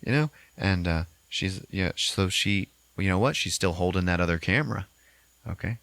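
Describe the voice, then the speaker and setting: A man hosting a podcast, recapping a movie in a casual, animated way with constant swearing. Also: low voice, moderate pace, creaky, dry recording. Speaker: podcast host.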